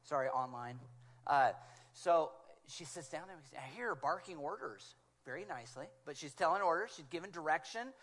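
A man delivers a sermon in a fairly high voice. He tells stories animatedly and slips into hushed, quiet tones when he quotes others. He speaks into a small clip-on mic. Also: animated, moderate pace. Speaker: guest preacher.

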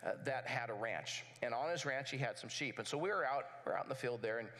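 Bright-voiced animated male pastor. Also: mid-range voice, fast talker. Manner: animated storytelling, conversational. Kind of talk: sermon.

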